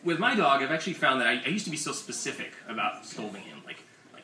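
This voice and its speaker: A young comics author with a fairly high, sing-song voice speaks quickly, telling profane, self-mocking comic stories at a bookstore presentation indoors. An audience camera far from him captures it, so the sound is roomy and distant with crowd noise and room ambience.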